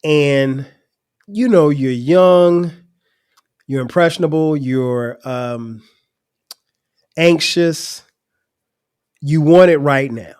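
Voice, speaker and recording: A man's voice: a little high, drawn-out words, pauses often, darkish tone, clean tone. A middle-aged man hosting a podcast, telling a personal story in a casual, conversational way with frequent laughter. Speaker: podcast host.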